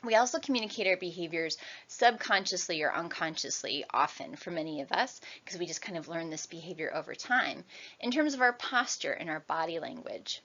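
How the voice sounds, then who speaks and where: A woman's voice: lowish voice, lively intonation, fairly quick, a bit bright. Chatty woman lecturer, muffled sound. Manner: conversational, tags sentences with "right?". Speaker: university lecturer. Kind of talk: recorded classroom lecture.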